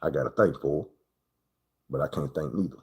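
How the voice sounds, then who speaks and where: A man's voice: rumbling low, fairly quick, darkish tone, breathy edge. A man telling a rambling, slangy personal story on a livestream, full of swearing and acted-out moments.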